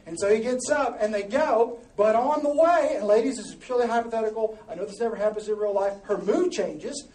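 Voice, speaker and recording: A man pastor preaching a sermon in an animated, conversational way, swinging from hushed asides to loud exhortation. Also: high-pitched, brisk, hardly any pauses, a little hiss or hum. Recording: echoey room, distant mic, faint ambience.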